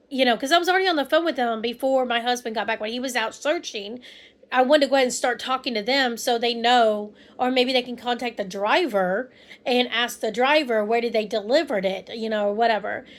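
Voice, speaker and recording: A woman's voice: on the high side, fairly bright tone. Rambling woman telling a story. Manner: rambling, restarts, quotes people with mock voices. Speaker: vlogger. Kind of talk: casual storytelling.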